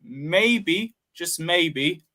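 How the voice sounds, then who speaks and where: A man's voice: fairly high pitch, expressive, drawn-out words, sharp tone, no echo, studio quality. A man in casual football chat, wry and mocking in tone.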